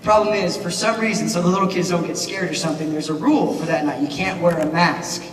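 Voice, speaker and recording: A man giving a keynote speech at a banquet, animated and asking the audience questions. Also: fairly high pitch, fast. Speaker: keynote speaker, teacher. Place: large banquet hall. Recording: echoey hall, mic from far off, noisy.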